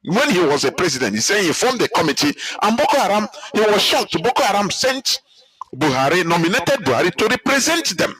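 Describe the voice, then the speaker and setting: A man with a Nigerian accent giving heated political commentary, emphatic and repetitive, his pitch climbing as he presses his points. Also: sing-song, a little fast, a bit bright, rough recording. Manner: angry, emphatic, repeats himself, rises in pitch. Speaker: commentator reacting to a clip.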